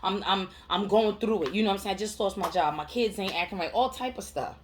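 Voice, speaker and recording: A woman's voice: medium pitch, fast talker, a little hiss or hum. A woman mental health counselor giving a heartfelt motivational monologue to camera, emphatic and slangy, repeating phrases to drive her point home.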